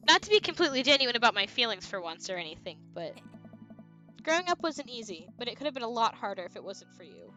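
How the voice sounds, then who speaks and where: A woman's voice: on the high side, big pitch swings, fast talker, faint music behind. A woman reading as a tender teenage daughter. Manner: soft, heartfelt reading. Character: teenage daughter about to leave for college.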